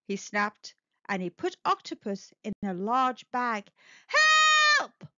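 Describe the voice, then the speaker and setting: Slow sing-song woman reading to kids. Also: mid-range voice, no room sound. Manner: gentle, sing-song and expressive. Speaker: children's storytime reader. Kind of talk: slow expressive read-aloud for young kids. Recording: dull lo-fi dry recording.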